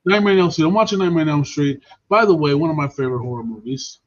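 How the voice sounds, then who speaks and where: High-voiced, animated, profane male storyteller. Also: fast talker, background noise. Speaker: podcast host. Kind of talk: casual storytelling chat. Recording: dull lo-fi stream audio.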